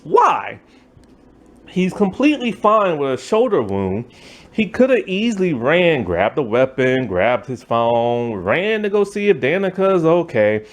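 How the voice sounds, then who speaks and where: A man's voice: on the high side, sing-song, measured pace. A man giving a casual, rambling movie review rant, loose and exasperated, with lots of filler words.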